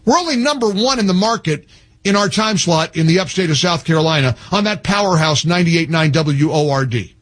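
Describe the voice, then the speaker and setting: A fired-up man hosting a talk radio show, ranting hard with emphatic repeats and stumbling restarts. His voice sits high for a man and has a husky, breathy edge. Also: lively intonation, a little fast, a bit bright. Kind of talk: impassioned political rant.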